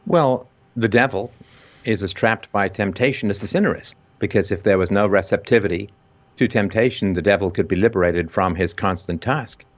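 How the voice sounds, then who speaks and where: A low-voiced man with a vaguely British colonial accent speaks as a podcast host. He is emphatic and rises sharply when he stresses a point. The audio is dull and lo-fi. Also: normal speed. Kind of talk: intense discussion.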